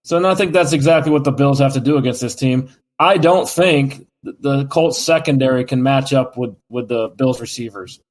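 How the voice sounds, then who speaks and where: A man in a casual sports podcast, relaxed and plain-spoken. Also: medium pitch, moderate pace. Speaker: podcast co-host.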